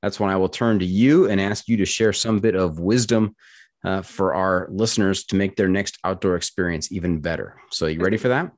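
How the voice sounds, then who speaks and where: A man's voice: deep voice, fairly quick. A man hosting a casual podcast interview, easygoing and joking dryly with his guest. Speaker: podcast host.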